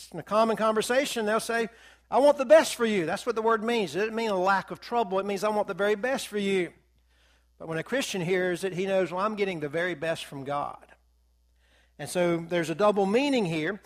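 A man teaching a Bible class in a folksy, conversational way, slowing down to read out scripture. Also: sits high.

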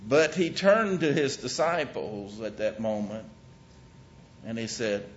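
A man's voice: medium pitch, fairly even intonation, slow pace, a little hiss or hum. Preacher man with a muffled sound. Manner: storytelling with sudden loud and hushed swings. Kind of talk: sermon. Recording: dull lo-fi recording.

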